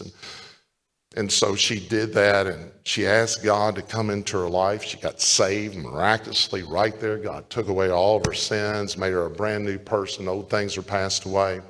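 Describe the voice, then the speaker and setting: A male pastor preaching a sermon. He tells stories and swings from loud calls to the congregation to hushed retellings. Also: lowish voice, steady tone, normal speed. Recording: long hall reverb.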